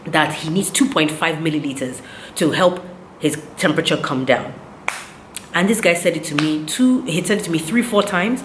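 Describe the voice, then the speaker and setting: A woman's voice: sits low, moderate pace, roomy sound, slight background noise. A woman, animatedly retelling a story in a casual vlog, with indignant quoted dialogue. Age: 30s. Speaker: vlogger.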